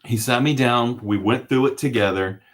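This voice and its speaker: A man telling a personal story to camera in an animated way, often laughing as he recounts it. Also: medium pitch, moderate pace. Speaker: mental health vlogger.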